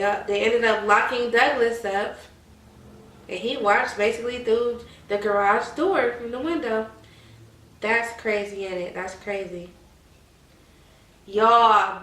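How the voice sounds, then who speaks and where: A woman's voice: on the high side, echoey room, recorded from a distance, poor audio. A woman, chatting animatedly to her viewers in a casual commentary. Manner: animated, addresses viewers as y'all. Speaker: vlogger.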